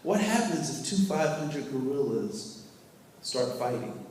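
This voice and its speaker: A man's voice: medium pitch, big pitch swings, takes it slowly, a little mellow, slight background noise. Man telling stories in an echoey hall. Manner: storytelling, asks the audience questions, acts out scenes. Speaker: workplace trainer. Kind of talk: live training talk to a group. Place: training room with a live audience. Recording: echoey hall, mic far off.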